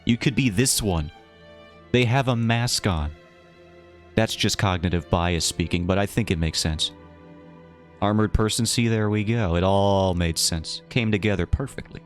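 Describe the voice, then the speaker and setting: Low-voiced man casually chatting on stream. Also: moderate pace, faint music behind. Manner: rambling, playful and self-mocking. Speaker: livestreamer. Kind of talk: casual chat with a live chat.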